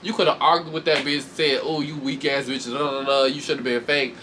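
A man casually recapping a reality show fight with lots of swearing, laughter, and sudden high mocking voices. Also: a little fast, noisy background. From Chicago. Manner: animated, profane, laughs often, shifts into high mocking voices. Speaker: commentator reacting to a reality show. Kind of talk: casual chat.

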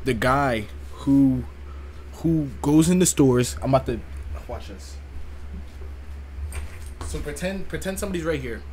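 A man's voice: medium pitch, lively intonation, unhurried, long pauses, darkish tone. A man chatting through a reaction stream in an everyday mid-range voice. He rambles, restarts his phrases and repeats himself. A faint hiss of background noise sits under his voice. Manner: rambling, repeats himself, laughs while telling stories. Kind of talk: casual reaction commentary.

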